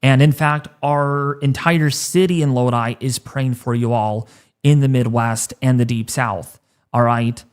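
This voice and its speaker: A man in his thirties hosting a weather livestream, choked up and halting, repeating words as he talks. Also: medium pitch, steady tone, clean tone. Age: 30s. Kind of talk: emotional livestream talk.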